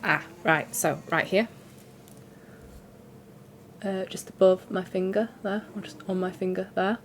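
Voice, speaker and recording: A woman's voice: deep voice, a little hiss or hum. A woman, congested and sore-throated from a cold, chatting in a rambling, self-deprecating way about her cross-stitch. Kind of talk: casual chat.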